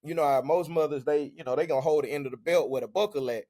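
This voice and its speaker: A man tells a childhood story on a podcast. He talks in a slightly raised register, animated and slangy, and keeps coming back to "man" and "bro". This is loose, casual chat. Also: on the high side, quick pace.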